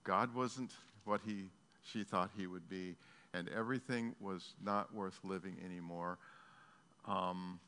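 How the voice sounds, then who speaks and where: A male pastor preaching a sermon, telling a story in an earnest, halting way. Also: sits low, sharp tone, clear, resonant tone. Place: church sanctuary. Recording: long hall reverb.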